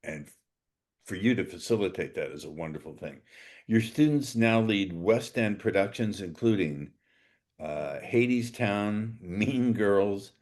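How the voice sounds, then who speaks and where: A man's voice: on the low side, animated, measured pace, a little mellow. Playful man hosting a podcast. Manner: playful, jokey, theatrical emphasis. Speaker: podcast host. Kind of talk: lively podcast interview.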